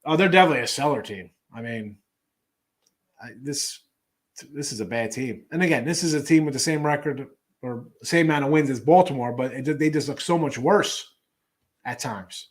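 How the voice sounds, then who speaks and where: A man's voice: medium pitch, normal speed. A middle-aged man hosting a sports betting show, talking casually in a rambling way with lots of fillers and restarts.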